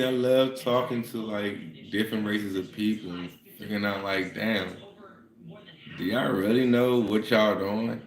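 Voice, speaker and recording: Dude with a low voice going off on a cussing rant, roomy echo on it. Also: male voice. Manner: profane, fired-up ranting. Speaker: vlogger. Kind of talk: casual monologue.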